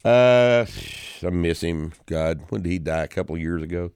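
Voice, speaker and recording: Low-voiced man in his sixties, rambling. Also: moderate pace, clean tone, no room sound, studio quality. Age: 60s. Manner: rambling, restarts often, grows loud and indignant. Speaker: podcast host. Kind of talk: casual chat about movies.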